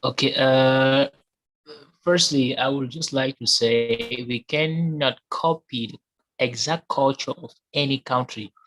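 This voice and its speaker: A man's voice: medium pitch, slow pace, fairly bright tone, low-quality recording. A man giving his opinion in an online discussion, earnest and repeating his points for emphasis over a call. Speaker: discussion participant.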